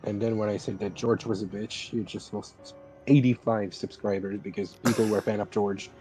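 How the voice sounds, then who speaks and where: A man trades casual talk with a friend during an online game, pausing to search for his words. His voice is dark and mellow, and faint music plays underneath. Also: lowish voice, fairly even intonation. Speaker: fellow player on the stream. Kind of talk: casual gaming chat.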